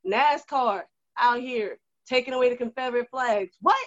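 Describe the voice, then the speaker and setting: Animated, rousing woman on a dull, dry recording. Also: a little high, normal speed, no echo. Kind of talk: casual chat. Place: at a desk indoors.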